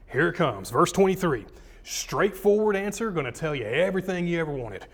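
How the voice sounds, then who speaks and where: Casual pastor teaching a sermon. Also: male voice, fairly high pitch, big pitch swings, fairly quick, slightly rough. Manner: casual, talks with the congregation, reads scripture with rising emphasis.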